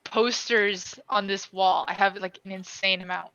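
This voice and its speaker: A woman's voice: medium pitch, fairly even intonation, unhurried, sharp tone, no echo, dull audio. A woman casually chatting on a podcast, rambling and swearing as she shows her room. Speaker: podcast co-host giving a room tour. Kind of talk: casual chat. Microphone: phone mic.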